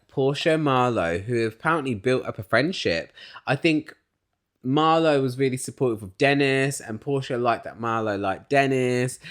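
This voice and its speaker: Animated, swearing male recap host. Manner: opinionated, swears, mimics cast members in high voices; swings between loud excited bursts and quiet asides. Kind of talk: casual recap commentary.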